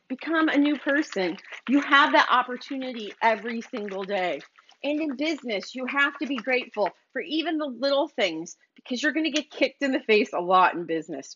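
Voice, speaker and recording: A woman with a fairly high pitch and a fairly bright tone hosts a motivational business podcast. Her manner is preachy and repetitive as she urges listeners on. It's a slightly dull lo-fi recording.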